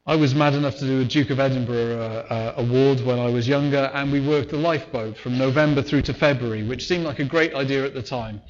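A man's voice: medium pitch, fairly even intonation, a little fast, few pauses. Male preacher, dull recording. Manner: conversational, acts out voices in retelling. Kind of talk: sermon.

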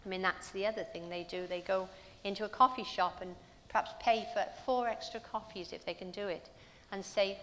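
A woman's voice: mid-range voice, fairly even intonation, fairly quick, fairly bright tone, in a large hall, slight background noise. A woman preaching a sermon in a church, telling stories earnestly and asking her listeners rhetorical questions.

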